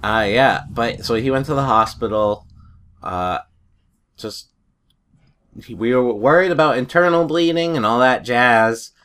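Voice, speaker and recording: A man's voice: medium pitch, a little slow, long pauses, fairly bright tone, smooth. A man in a casual chat, telling rambling stories and chuckling often.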